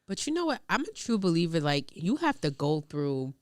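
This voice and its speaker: A woman's voice: sits low, big pitch swings, normal speed, clean tone, no echo. A young woman hosting a podcast, chatting frankly and curiously in a casual way, with lots of "like" and "you know". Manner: frank, curious, heavy on filler "like". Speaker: podcast host. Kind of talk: casual chat.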